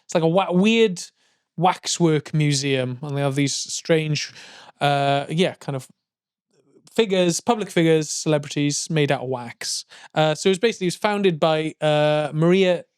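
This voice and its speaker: High-voiced man, dry jokes. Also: smooth, no room sound. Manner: dry, jokey, quick asides. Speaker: podcast co-host. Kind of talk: casual comedy chat.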